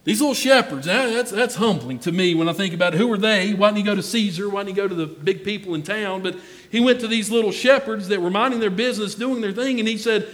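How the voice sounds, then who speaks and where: A man's voice: high voice, quick pace, big-room sound. A man preaching a sermon in a folksy way, calling out to members of the congregation by name.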